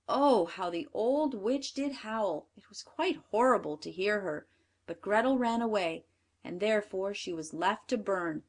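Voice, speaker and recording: A woman narrating a fairy tale aloud, with measured, expressive storytelling. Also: mid-range voice.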